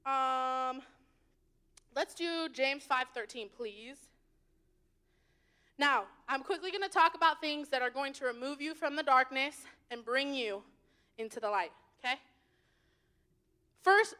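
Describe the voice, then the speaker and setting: A young woman giving a youth sermon, bubbly and chatty, swinging between loud bursts and hushed asides. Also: sits high, lively intonation, unhurried, long pauses, clean tone. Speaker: youth leader.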